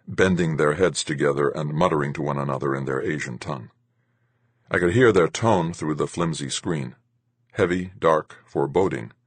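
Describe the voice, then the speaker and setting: Deep, husky male audiobook narrator. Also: no echo. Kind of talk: first-person novel narration.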